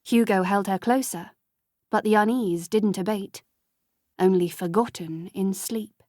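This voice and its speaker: A woman reading an audiobook as narrator, in measured, even storytelling. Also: mid-range voice, dry recording, studio quality. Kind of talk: scripted narration.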